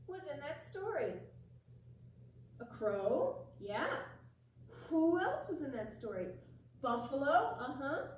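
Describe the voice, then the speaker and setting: A woman in her forties reading a story aloud and teaching young children in a gentle, slow way. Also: sits high, a little hiss or hum. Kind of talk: storybook reading and kids' lesson. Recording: echoey room from far off.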